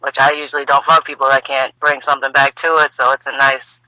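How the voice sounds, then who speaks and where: A woman chatting casually as a podcast guest, laid-back and quick to laugh, swearing freely. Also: a bass voice, flat delivery, sharp tone, no echo, low-quality recording. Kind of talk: casual chat.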